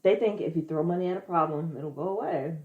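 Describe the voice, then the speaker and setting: A woman co-hosting a podcast, chiming in with quick profane remarks in casual chat. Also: deep voice, warm tone, lo-fi sound. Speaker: podcast co-host.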